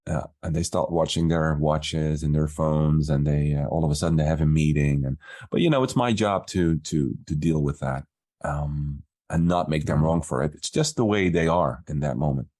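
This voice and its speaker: A man's voice: extremely low pitch, moderate pace. A man, a business coach, casually telling a story from his work and acting out what people said. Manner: relaxed storyteller, acts out quoted dialogue.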